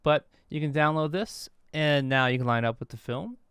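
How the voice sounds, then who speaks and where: A man teaching as a guest professor, walking through a software tool in a relaxed, explanatory way. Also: fairly high pitch, normal speed, clean tone, dry recording, studio quality. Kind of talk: tutorial walkthrough.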